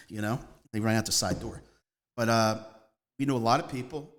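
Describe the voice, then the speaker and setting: At a normal speed, a guest from Northeast Philadelphia rambles through his story during a casual interview, his pitch mid-range for a man. He puts heavy emphasis on key words and skips between anecdotes.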